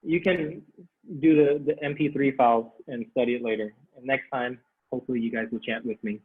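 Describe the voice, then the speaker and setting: A man teaching a Sanskrit class online, animated, repeating phrases and laughing as he explains. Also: mid-range voice, a little fast, husky. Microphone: video call. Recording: tinny video-call audio.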